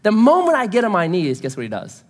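A man's voice: high-pitched, wildly swooping pitch, fast, in a large hall. A man in his thirties, a pastor, telling a self-deprecating family story in a sermon.

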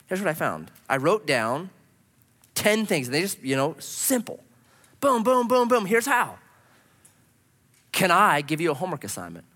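Male pastor, lively sweeping pitch, bright forceful tone, rhetorical questions, long hall reverb. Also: moderate pace, pauses often. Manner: animated preaching, rhetorical questions. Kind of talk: sermon.

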